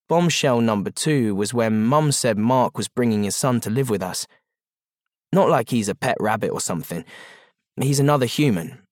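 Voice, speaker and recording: A man's voice: on the low side, dry recording, studio quality. A man reading a first-person audiobook narration in a terse, wry, matter-of-fact manner.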